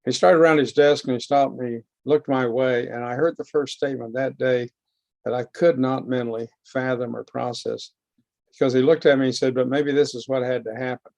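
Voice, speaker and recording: Man telling his own recovery story at a lecture, gravelly voice, close dry sound, slow and heartfelt. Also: mid-range voice, steady tone, darkish tone, dry recording. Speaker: guest speaker. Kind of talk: personal recovery testimony. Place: lecture hall.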